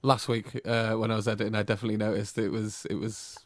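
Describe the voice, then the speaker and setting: A man's voice: fairly low pitch, little pitch movement, fast talker, no room sound. Easygoing man, dry sound. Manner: rambling, easygoing, self-correcting. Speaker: podcast co-host. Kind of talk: casual chat.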